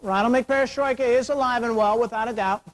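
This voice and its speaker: A rough recording captures a middle-aged man with a very high, slightly bright voice and fairly even intonation briskly lecturing an auditorium on security awareness. Between jokes and rhetorical questions, his voice is wearing thin as he loses it.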